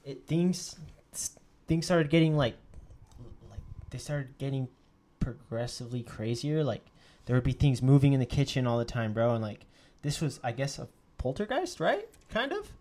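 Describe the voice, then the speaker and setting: A young man casually telling a story, swearing a lot and acting out the quotes of others with sudden jumps in his voice. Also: moderate pace. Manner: animated, profane, acts out quotes with sudden pitch jumps.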